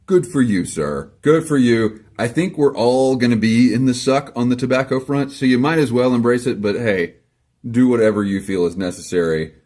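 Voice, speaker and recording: In his home garage, a man chats to the camera while answering viewer comments in a casual video. His mid-range voice has a darkish tone and moves at a normal speed. He's dry and sarcastic, rambling along with self-deprecating asides.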